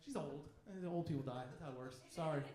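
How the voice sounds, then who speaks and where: The crowd is audible as this fast-talking comic, whose pitch is fairly high, works a club stage. His brash, profane set has him imitating the voices he quotes, and laughter rings through the echoey room.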